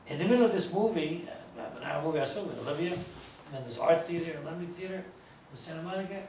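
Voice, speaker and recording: Speaking fast in a somewhat high, dark-toned voice, this man is a rabbi delivering an informal, digressive lecture of anecdotes and joking asides to a few listeners. The sound is distant and echoey, with a little background noise.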